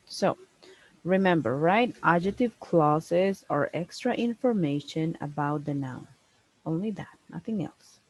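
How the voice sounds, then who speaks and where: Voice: medium pitch, darkish tone, rough recording. Patient English teacher. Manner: patient, explains slowly, ends points with "no?" and "right?". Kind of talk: one-on-one online grammar lesson.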